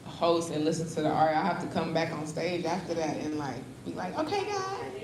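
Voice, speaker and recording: A woman hosting a live poetry show on a stage mic, energetic and casual, calling out to the crowd in slang. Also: low-pitched, a little fast, noisy background. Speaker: host of a poetry open mic. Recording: echoey venue with loud music.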